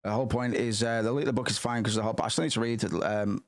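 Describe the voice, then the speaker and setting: A man's voice: mid-range voice, fairly even intonation, racing, soft background music. A man streaming, chatting casually and rambling, swearing freely with many restarts.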